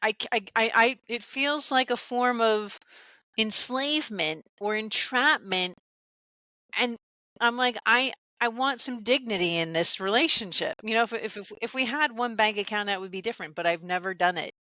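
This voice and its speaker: Candid bright-voiced woman podcaster. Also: a little high, normal speed, clear, resonant tone, no room sound. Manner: candid, stammering restarts, emotional. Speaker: podcast co-host. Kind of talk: casual chat.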